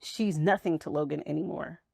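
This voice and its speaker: A woman's voice: low voice, brisk, vocal fry, a little mellow, slightly rough, no echo, clean studio sound. A woman guest in a candid interview, talking frankly and reflectively about motherhood and friendship.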